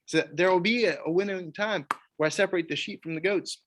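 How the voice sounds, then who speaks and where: A man, leading a church Bible study, animated and acting out quoted voices. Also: sits high, fast talker, slight background noise. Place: church meeting room.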